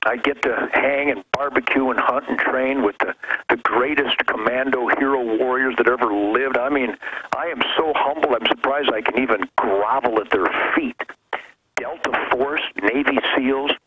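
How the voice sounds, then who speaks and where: A man calling in as a guest, talking with fervent, preachy passion, his voice swinging from low to high. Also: normal speed. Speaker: caller-in guest. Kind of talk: fervent call-in commentary. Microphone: telephone. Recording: muffled noisy phone line.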